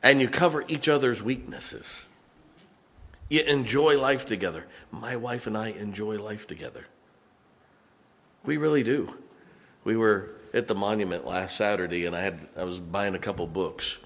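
With a fairly low, slightly bright voice at a moderate pace, a middle-aged preacher from West Virginia gives a relaxed, folksy sermon. His regional accent comes through, along with asides and chuckles.

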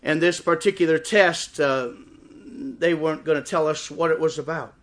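A middle-aged man preaching a sermon in church, impassioned and swelling toward shouts. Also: on the high side, steady tone, normal speed. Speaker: pastor. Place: church service before a congregation.

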